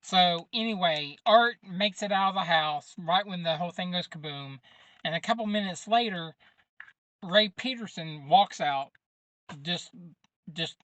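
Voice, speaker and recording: Slow-talking man recapping a movie. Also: high-pitched, fairly bright tone, dry recording. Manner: rambling plot recap with many fillers; informal grammar. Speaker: podcast host. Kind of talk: casual movie review.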